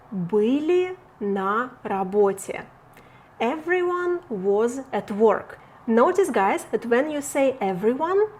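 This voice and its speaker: A Russian-accented woman walks learners through a language lesson at a very unhurried pace. Her voice sits a little high, and she repeats each example word with care. A faint hiss hangs under the recording. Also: darkish tone. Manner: slow and careful, repeating example words.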